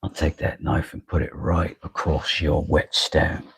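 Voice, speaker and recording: Brief: a man imitating a gravelly action-hero tough guy, deep, slow and menacing. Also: flat delivery, fairly bright tone, heavily acted. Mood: menacing taunt. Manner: taunting, threatening dare.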